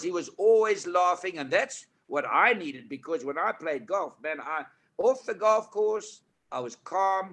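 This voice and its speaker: An older man from South Africa, a guest telling lively anecdotes in a relaxed chat. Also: on the high side. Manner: lively anecdotes, animated impressions of others. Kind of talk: storytelling chat.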